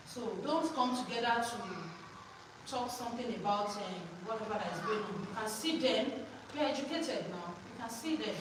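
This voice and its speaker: High-voiced woman drilling a hall. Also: lively intonation, normal speed. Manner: call-and-response drilling, prompting listeners to finish her sentences. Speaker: teacher trainer. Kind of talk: teacher training workshop. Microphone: far from the microphone. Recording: echoey hall, distant mic, noisy.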